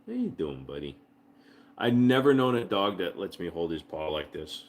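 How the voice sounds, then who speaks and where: A man's voice: low-pitched, sing-song, moderate pace. A man hosting a casual livestream from home, joking with profanity and cooing baby talk to his dog. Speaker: livestream host.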